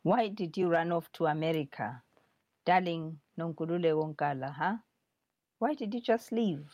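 A woman's voice: deep voice, moderate pace, a little mellow, no room sound, muffled recording. A woman reading aloud as a fierce young girl who scolds her friend for leaving home. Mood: accusing.

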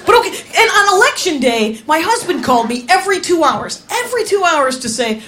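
Woman, stand-up comic, from Wisconsin, high voice, very animated, noisy recording. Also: a little fast, few pauses. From Wisconsin, USA. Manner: animated, laughing through punchlines. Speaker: stand-up comedian. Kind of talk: stand-up comedy storytelling.

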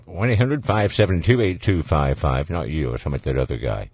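A man's voice: a bass voice, brisk, a little mellow, slightly rough, no room sound. A man with a Southern US accent hosting a call-in radio show, talking in a folksy, rambling, jokey way. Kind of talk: casual radio talk.

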